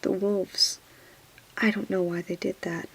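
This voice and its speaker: A woman's voice: mid-range voice, flat delivery, unhurried, breathy edge, low-quality recording. A woman whispering as a proud, unsure young lord. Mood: guarded. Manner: stiff, hesitant, soft-spoken. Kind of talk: whispered role-play.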